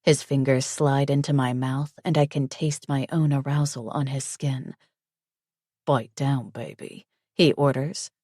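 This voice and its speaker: Female audiobook narrator: low, unhurried, breathy and intimate, dry close sound. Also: level tone, mellow, no room sound. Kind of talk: first-person romance audiobook narration.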